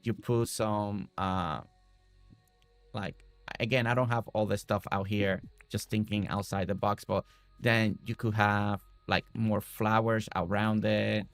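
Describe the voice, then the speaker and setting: A man streaming a building game, talking casually and excitedly with many restarts and rambling asides. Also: fairly low pitch, a little slow, smooth, no echo, soft background music. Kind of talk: casual game livestream commentary.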